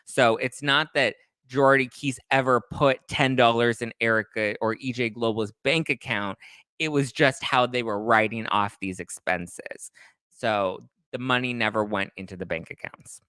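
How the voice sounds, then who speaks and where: A man's voice: normal speed, smooth, dry recording. Chatty man hosting a gossip livestream. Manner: chatty, animated, swings into high exclamations. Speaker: livestream host reading chat. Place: home in a city apartment.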